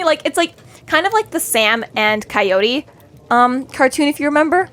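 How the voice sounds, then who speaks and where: Young woman, podcast co-host, casual book chat, acts out lines, swears, laughs, fairly high voice. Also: animated, normal speed, a bit bright.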